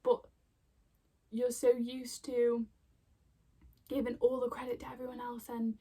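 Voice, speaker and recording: A card reader with a high, warm, slightly rough voice speaks in a monotone and a little slowly. Her casual spiritual reading rambles with fillers, restarts and heartfelt emotion, and the mic picks her up from a bit far away.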